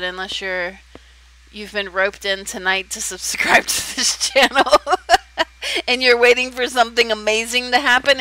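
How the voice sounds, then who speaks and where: A woman's voice: medium pitch, sharp tone, clean tone, rough recording. A young woman chatting casually on a livestream while she works on a design, rambling and self-deprecating.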